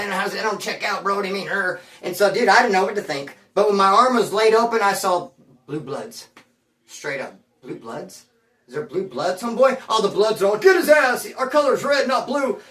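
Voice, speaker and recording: Man, streetwise slang, rambling animated storytelling, roomy echo, set back from the mic. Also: high-pitched. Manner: slangy, streetwise, keeps calling the listener homeboy; rambling and animated, with sound effects. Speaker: storyteller recounting his past. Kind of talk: casual spoken storytelling. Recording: roomy sound from a distance.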